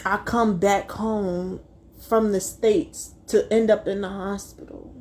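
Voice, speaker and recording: A young adult woman telling a personal story to her viewers, fighting back tears and speaking haltingly. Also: medium pitch, steady tone, darkish tone. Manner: tearful, halting, addresses viewers as y'all. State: close to tears. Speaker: vlogger.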